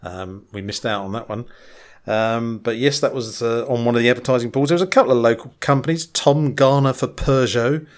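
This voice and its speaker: Male co-host, dry wit, unhurried and chatty. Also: medium pitch. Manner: dry, wry asides with frequent ums. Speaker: podcast co-host. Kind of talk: casual chat.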